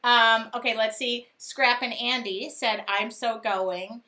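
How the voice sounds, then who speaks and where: Woman host, casual livestream chat, giggly, bright and a bit high. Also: fairly even intonation, slow pace. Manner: giggly, reads viewer comments aloud. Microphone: phone speakerphone call alongside.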